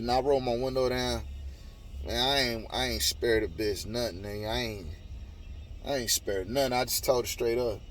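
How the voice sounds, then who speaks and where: A man with a medium-pitched voice tells a heated story in a casual monologue, swearing often and repeating himself. There is a little hiss or hum in the recording.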